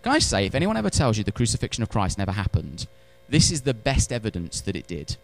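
Animated preacher, man. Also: fairly low pitch, quick pace. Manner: animated preaching, swinging from loud to hushed, with wry asides. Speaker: pastor. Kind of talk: sermon. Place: church.

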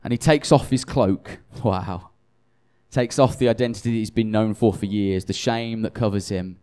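A man's voice: on the low side, normal speed, warm tone, clear, resonant tone. A tired man preaching a conversational sermon, self-deprecating and chatty, often restarting his sentences.

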